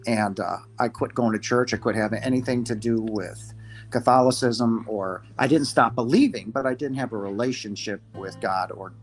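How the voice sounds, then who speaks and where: A man in his fifties, a podcast guest giving a halting, emotional personal testimony, his voice breaking at times. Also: mid-range voice, faint music behind. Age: 50s.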